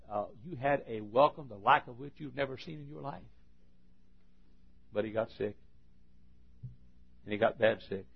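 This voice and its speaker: A man preaching a sermon in a church, swinging between shouted appeals and quiet asides. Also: medium pitch, vocal fry, slightly rough. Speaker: pastor. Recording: dull lo-fi sermon recording.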